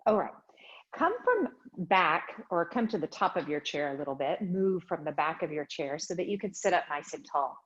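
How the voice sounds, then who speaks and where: A woman yoga teacher leading a chair yoga class with slow, soothing guided instructions. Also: fairly low pitch, muffled recording. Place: home studio livestream.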